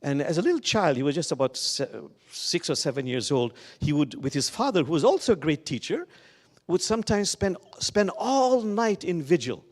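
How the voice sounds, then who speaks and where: A man delivers a sermon in a big hall, and his voice rings on with a long reverb. His pitch moves in wide, lively swings as he tells his stories. He slows down and stretches out the words he wants to land. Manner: slow, lingering emphasis on key words. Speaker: guest speaker at a Sunday service. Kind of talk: sermon with storytelling. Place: church sanctuary.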